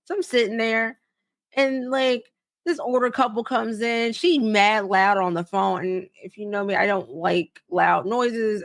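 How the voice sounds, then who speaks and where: A young woman on a podcast, telling a story in a loose, profane, animated way and acting out both sides of each exchange. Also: medium pitch, no room sound, studio quality. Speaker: podcast co-host. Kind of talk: casual storytelling chat.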